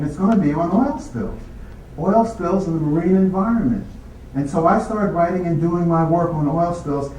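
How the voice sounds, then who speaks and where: A man's voice: fairly high pitch, muffled recording, a little hiss or hum. A man telling stories from his life to an audience, acting out the voices of the people in them. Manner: acts out others' voices, animated. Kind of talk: storytelling talk. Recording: echoey hall from far off.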